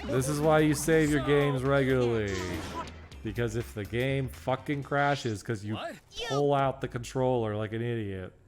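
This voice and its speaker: A man's voice: medium pitch, moderate pace, over music. A young man streaming a video game from his home setup, ranting and swearing at himself in casual, self-mocking commentary.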